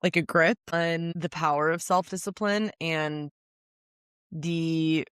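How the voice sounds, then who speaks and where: A woman's voice: low-pitched, steady tone, takes it slowly, a bit bright, clean tone, dry recording, clean studio sound. A woman in her twenties hosting a solo podcast, talking casually and emphatically with lots of fillers and little laughs. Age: 20s. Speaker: podcast host.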